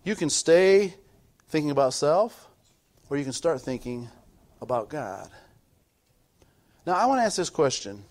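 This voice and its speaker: A middle-aged man preaching in a sermon, his voice sitting notably high for a man. He builds to loud, emphatic peaks, then drops to low, quiet asides. He repeats words in rhythm and calls out to his listeners. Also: sing-song, unhurried, long pauses. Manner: repetitive, rhythmic preaching with call-outs to the audience. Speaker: pastor.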